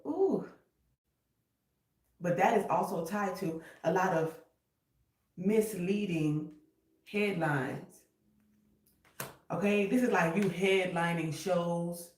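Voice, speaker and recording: A woman's voice: on the low side, slow, long pauses, darkish tone, distant mic. A woman reads tarot for her viewers in loose, unscripted talk. She gets emotional, curses freely, and drifts into snatches of song. Her voice sits a little back from the mic in an echoey room. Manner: emotional, cursing, breaks into singing. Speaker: tarot reader. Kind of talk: casual tarot reading livestream. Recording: roomy echo, voice a bit off-mic.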